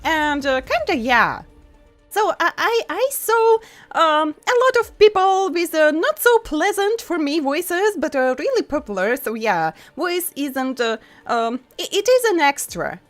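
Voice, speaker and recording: High lively non-native woman streamer. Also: unhurried, soft background music. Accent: non-native English. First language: not English. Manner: chatty, frequent fillers and laughs, reads chat aloud. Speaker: VTuber streamer. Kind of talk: casual chat with stream viewers.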